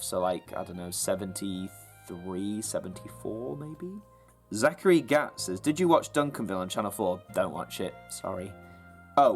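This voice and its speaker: A young man hosting a casual video, reading viewer questions aloud and answering them in a chatty way. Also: mid-range voice. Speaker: YouTube host. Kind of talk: casual Q&A chat.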